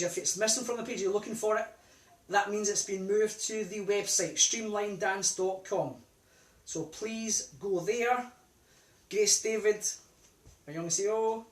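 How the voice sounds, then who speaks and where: Man calling line dance steps. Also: sits high. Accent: British. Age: 40s. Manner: calls steps in a loud, raised, sing-song voice; chatty and relaxed between dances. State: out of breath. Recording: distant mic in an echoey room. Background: music playing.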